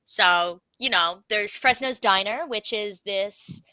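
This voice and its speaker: A young woman from Canada, bubbly and casual, chatting about her animated series and swearing now and then. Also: medium pitch, slow pace, clear, resonant tone, dry recording. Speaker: creator of an animated series, guest. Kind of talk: casual interview chat.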